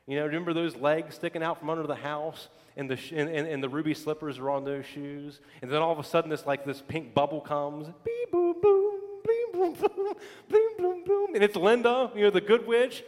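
A male pastor preaching a sermon, telling stories with lively emphatic repetition. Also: on the high side, brisk, few pauses, in a large hall. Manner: animated storytelling with emphatic repetition.

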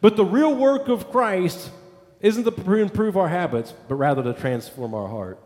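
A man's voice: high voice, animated, normal speed, darkish tone, reverberant, long reverb tail. A male pastor preaching a sermon, emphatic, building points through repeated lists.

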